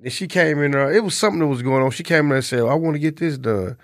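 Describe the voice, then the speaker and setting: A man's voice: fairly high pitch, rapid-fire, no room sound, clean studio sound. A man, co-hosting a casual chat and telling a long personal story in a laid-back, profane way. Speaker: podcast co-host.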